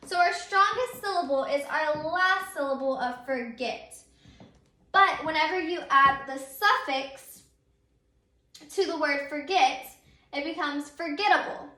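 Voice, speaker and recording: Woman teacher, high bright voice, patient, spells out letters, echoey room. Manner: frequent um fillers. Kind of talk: recorded grammar lesson.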